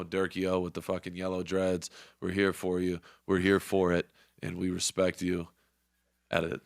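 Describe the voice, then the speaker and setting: A man's voice: sits low, smooth, dry recording, clean studio sound. A young man hosting a sports podcast, talking casually with fired-up, profane, motivational energy. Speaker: podcast host.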